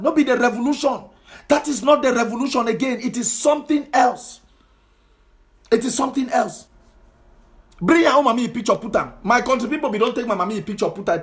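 High-voiced Cameroonian man ranting. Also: fairly bright tone. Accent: Cameroonian Pidgin English. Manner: scolding, repetitive rhetorical questions. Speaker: political commentator. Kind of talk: impassioned social media monologue.

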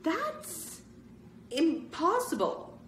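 Woman doing a calm, soft-spoken girl. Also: fairly high pitch, a little slow, a little hiss or hum, pitched above the performer's own voice. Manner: soft, calming. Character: calm, level-headed young girl. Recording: roomy echo.

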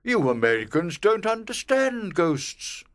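An actor playing a proud, rude old ghost who has not slept for centuries, speaking slowly and haughtily. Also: male voice, sits high, big pitch swings, fairly bright tone, exaggerated voice. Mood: scornful. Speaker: ghost in a graded reader audio. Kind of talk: scripted audiobook drama.

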